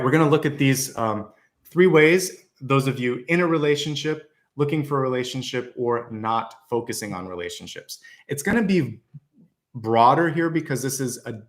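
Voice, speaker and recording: A man's voice: mid-range voice, a bit bright. A man giving a tarot reading to viewers, talking in a confident, encouraging, conversational way. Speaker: tarot reader.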